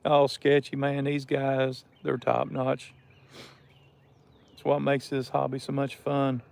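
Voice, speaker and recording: A man's voice: mid-range voice, monotone, takes it slowly, gravelly, a little mellow. A man hosting a casual live stream outdoors by a river, chatting with viewers and greeting them by name.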